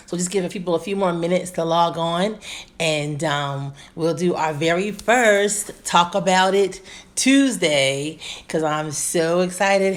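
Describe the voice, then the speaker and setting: A woman in her forties talks casually to viewers joining her live stream. Her voice sits a bit low, and she sounds bubbly and eager. She greets people by name and fills her talk with ums. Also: measured pace. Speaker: gynecologist hosting a live stream.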